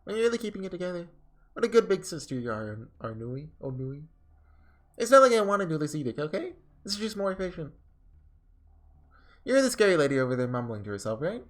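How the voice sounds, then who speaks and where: A man's voice: on the high side, very animated, fast talker, pauses often, pitched above the performer's own voice. A man reading aloud as a callous male oni rider from a game, breezy and mocking.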